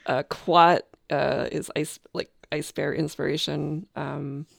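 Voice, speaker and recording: Low, gravelly woman GM, halting casual talk, dry close mic. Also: little pitch movement, no echo. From Canada. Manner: hesitant, many ums, laughs often. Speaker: game master. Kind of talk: casual podcast chat.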